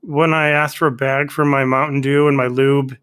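A man guesting on a comedy podcast, rambling through a story with restarts and quick impressions. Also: medium pitch, flat delivery, fairly bright tone, smooth. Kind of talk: casual comedy podcast chat.

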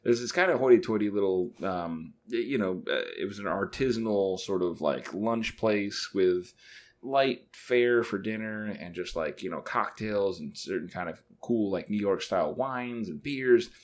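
A man's voice: fairly low pitch, animated, moderate pace. A man co-hosting a podcast, casually telling a rambling travel anecdote and acting out the dialogue. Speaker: podcast co-host. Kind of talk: casual chat, storytelling. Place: bathroom at home.

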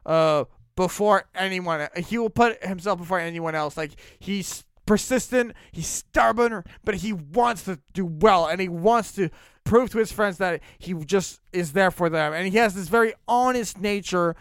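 A man's voice: high-pitched, moderate pace, fairly bright tone, clean tone, dry recording, clean studio sound. A man co-hosting a podcast, casually rambling about anime characters with frequent restarts. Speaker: podcast co-host.

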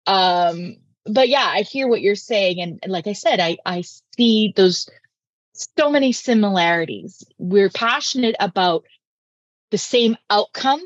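A woman podcast host and communication coach, talking in a lively, emphatic way. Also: mid-range voice, unhurried, no echo, highs cut off. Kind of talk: casual interview chat.

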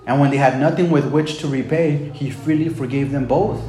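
This sermon comes from a man with a dark, medium-pitched voice who speaks at normal speed in a steady tone. He talks conversationally, dropping "man" and "right?" often and putting scripture into everyday language, in an echoey room with faint background noise.

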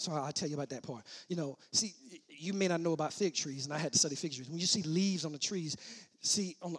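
A man preaching a sermon, starting as casual teaching and building to loud shouted preaching, repeating and restarting his words. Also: a little high, breathy edge.

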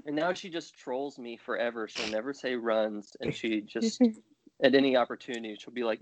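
A man's voice: medium pitch, sing-song, normal speed. A man co-hosting a casual podcast chat, telling rambling, wry stories. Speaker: podcast co-host. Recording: dull, muffled sound.

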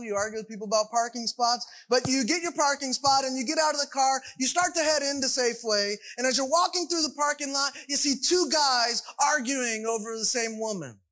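A man with a high, bright voice delivers a sermon in an easy, conversational way. He keeps checking in with the congregation as he goes. His tone stays relaxed and folksy. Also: low-quality recording. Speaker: pastor.

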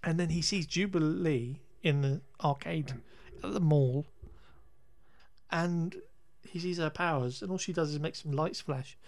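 A man's voice: on the high side, a little slow, creaky, no room sound. A man co-hosting a podcast, chatting casually through a film recap with frequent restarts and laughter. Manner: rambling, self-correcting, laughs often. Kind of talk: casual chat.

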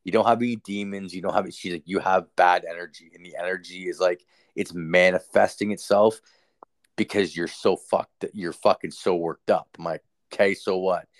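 A man's voice: sits low, steady tone, normal speed, no room sound. A young man casually telling a ghost story, rambling and swearing, full of fillers. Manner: profane, rambling, filler-heavy. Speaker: storyteller guest.

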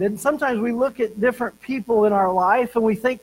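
A man preaching a sermon as pastor, telling stories and slowing down to stress key words. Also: very high-pitched, rough recording.

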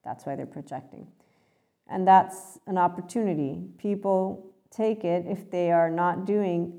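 Gravelly, mellow-voiced woman giving spiritual talk. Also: on the low side, normal speed. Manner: blunt, swearing, acts out voices. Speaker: spiritual teacher.

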